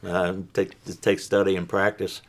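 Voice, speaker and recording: An older man, an actor, talking as a guest in a casual interview, soft-spoken, measured and modest. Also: low voice, level tone, a little hiss or hum.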